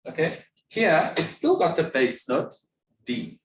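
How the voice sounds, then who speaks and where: A man's voice: on the high side, big pitch swings, slow pace, a little hiss or hum. A man giving a music theory lecture, patiently asking questions and answering them himself. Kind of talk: classroom lecture. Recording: echoey room, mic at a distance.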